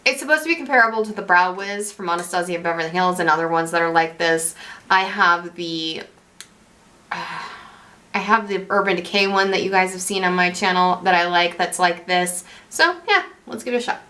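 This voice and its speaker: A woman's voice: lowish voice, a little fast, sharp tone. A young woman chatting casually through a makeup tutorial, rambling and correcting herself as she goes. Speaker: beauty vlogger.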